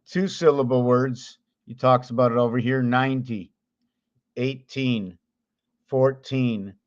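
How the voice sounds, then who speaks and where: A man explains number patterns at a mid pitch, thinking aloud as he works. He counts, pauses and corrects himself along the way. The recording is dull and lo-fi. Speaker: video host.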